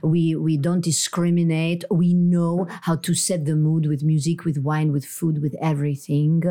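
A woman voices a haughty French lady arguing about romance with a thick French accent. Her voice sits low and warm, unhurried and scornful. She flirts and sneers in the same breath, as in a comedy podcast. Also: little pitch movement, natural voice. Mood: boastful. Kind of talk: improvised comedy podcast character.

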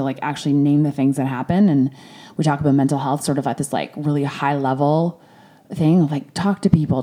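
A woman with a low, dark and mellow voice speaks openly about a hard personal experience. She is frank, swears freely and often restarts her sentences, with raw emotion close beneath the surface. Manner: emotional, at times near tears. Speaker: storyteller recounting a family crisis. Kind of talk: candid personal monologue.

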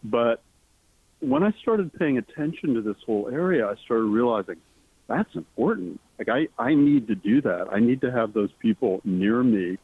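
A man, an author being interviewed, talking earnestly and enthusiastically, his pitch leaping up on the words he cares about. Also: expressive, moderate pace, breathy edge. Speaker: author guest. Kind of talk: interview conversation. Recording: tinny phone line.

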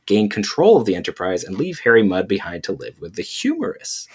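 Husky low-voiced male podcast co-host. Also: wildly swooping pitch, a little fast. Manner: rambling, frequent "like" fillers. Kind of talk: casual chat.

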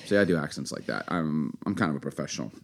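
A man's voice: extremely low pitch, animated, quick pace, vocal fry. A man co-hosting a casual podcast, joking around as he reads listener reviews aloud. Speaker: podcast co-host. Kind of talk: casual chat.

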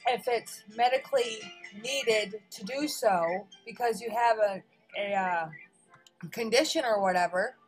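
A woman's voice: a little high, unhurried, soft background music, low-quality recording. A woman from New Hampshire co-hosting a podcast, blunt and swearing casually. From New Hampshire, USA. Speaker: podcast co-host.

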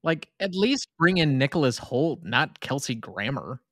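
A man's voice: medium pitch, very animated, unhurried, a bit bright, no room sound, studio quality. A man co-hosting a casual movie podcast, laid-back with short wry remarks. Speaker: podcast co-host.

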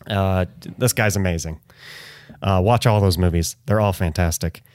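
A man's voice: deep voice, normal speed, a little mellow, no echo, clean studio sound. A man co-hosting a movie podcast in casual, chatty talk. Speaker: podcast co-host. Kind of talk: casual chat.

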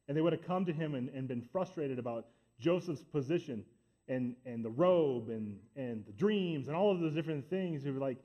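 A man's voice: medium pitch, lively intonation, normal speed, highs cut off. A man preaching a sermon as pastor, talking emphatically and building up his points by repeating himself. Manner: emphatic, repetitive build-ups.

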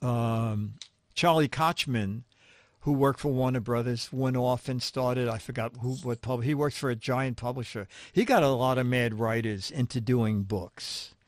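A man's voice: medium pitch, a little slow, no room sound. An older man, a humor writer being interviewed, telling stories and acting out the people in them. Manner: animated, acts out the people in his stories. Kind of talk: anecdotal storytelling in conversation.

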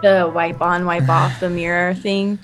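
A woman's voice: fairly low pitch, little pitch movement, unhurried, over music. Easygoing young woman co-host. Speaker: podcast co-host. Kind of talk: casual chat.

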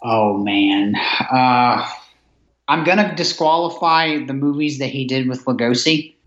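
A man with a mid-range, slightly bright voice speaks unhurriedly as a podcast guest, chatting enthusiastically about old films and rambling with restarts. The casual chat is recorded with roomy, dull lo-fi sound.

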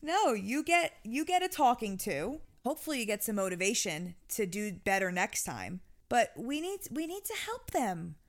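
A woman dog trainer chatting casually, telling stories with animated energy and jumping high in pitch when she quotes people. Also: normal speed, few pauses. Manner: animated storytelling, jumps high when quoting. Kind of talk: casual podcast chat.

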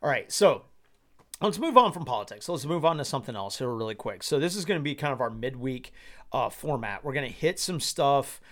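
Animated, laughing podcast host, a man. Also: mid-range voice, a little fast. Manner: animated, laughing often, rambling. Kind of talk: solo podcast commentary.

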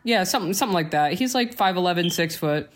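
A young adult podcast co-host chatting casually, joking and swearing freely through family stories. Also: female voice, on the low side, lively intonation, quick pace. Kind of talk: casual chat.

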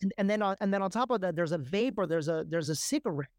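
A man's voice: high-pitched, expressive, fast talker, dry recording. Brief: male guest, emphatic storyteller, dry close sound. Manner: emphatic, repeats words, frequent "right?" and "you know". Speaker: guest, life coach. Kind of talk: animated personal storytelling.

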